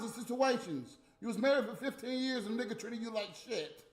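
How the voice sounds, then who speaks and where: A man's voice: very high-pitched, lively intonation, fairly quick, hardly any pauses. A man delivering a heated, profane, scolding rant as a stream host. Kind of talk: profane ranting monologue. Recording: roomy room with faint music.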